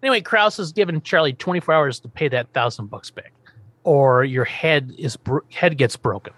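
A man's voice: a little high, lively intonation, moderate pace, fairly bright tone, dry recording. A man casually recapping a TV episode on a podcast, quoting the characters and laughing often. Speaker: podcast host.

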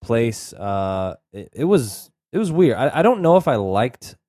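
A man's voice: medium pitch, very animated, measured pace, warm tone, no echo, studio quality. A man co-hosting a podcast in a casual film review chat, talking hesitantly with many fillers and restarts. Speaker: podcast co-host.

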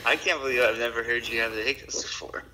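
A man's voice: medium pitch, fast, slight background noise, low-quality recording. A man in a casual chat who giggles and teases, counting aloud as he talks. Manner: giggly, teasing, counts out loud.

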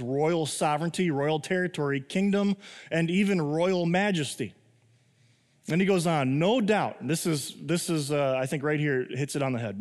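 A young man preaching a sermon as pastor, telling the story with jokes and laughter and acting out the scenes in small voices. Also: on the high side. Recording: long hall reverb.

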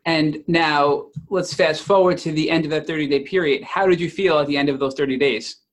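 A male interviewer puts calm, measured questions to his guest and moves the story along. His voice sits a little high for a man.

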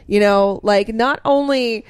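A woman's voice: a little high, clear, resonant tone, no room sound. Woman chatting about a movie, dry mic. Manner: talks in loose, halting runs with many fillers. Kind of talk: casual chat about a movie.

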